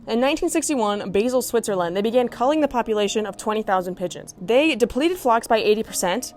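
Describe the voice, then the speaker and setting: A woman giving a comedic rant monologue, exasperated, swearing and animated. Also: on the high side. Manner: profane, exasperated, animated ranting. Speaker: comedic commentator.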